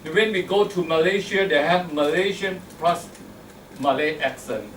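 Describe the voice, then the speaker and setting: A man's voice: fairly high pitch, measured pace, fairly bright tone. A man with a Thai accent giving an instructive, jokey club speech, acting out pronunciation examples. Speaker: Toastmasters meeting evaluator. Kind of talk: club speech with humorous anecdotes. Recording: echoey room from far off, faint noise.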